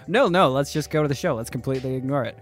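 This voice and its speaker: A man co-hosting a casual podcast, with playful, wry remarks. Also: mid-range voice. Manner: playful, wry, lively delivery. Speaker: podcast co-host.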